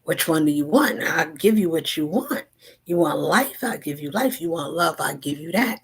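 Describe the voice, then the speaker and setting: Gravelly, husky woman with a spiritual message. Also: sits low, animated, moderate pace. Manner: rhythmic, repetitive, shifting between whispers and loud asides. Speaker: spiritual channel host.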